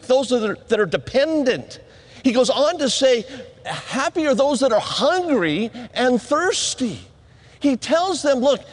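High, lively preacher in a big echoing chapel. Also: male voice. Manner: leads the audience in call-and-response; slow, emphatic delivery with dramatic pauses. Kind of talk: sermon. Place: large chapel. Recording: live chapel recording in a reverberant hall.

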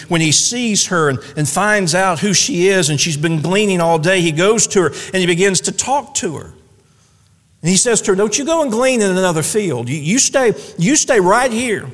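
A man preaching a sermon in a church, folksy and animated, with humorous asides. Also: a little high, big-room sound. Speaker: pastor. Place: church sanctuary.

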